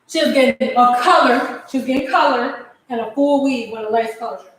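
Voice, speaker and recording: A woman's voice: high-pitched, a little fast, fairly bright tone. A young woman, a hairstylist, telling a long story in a casual vlog at home, rambling with many restarts and a lot of "like". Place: home, cooking while talking. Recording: very echoey room.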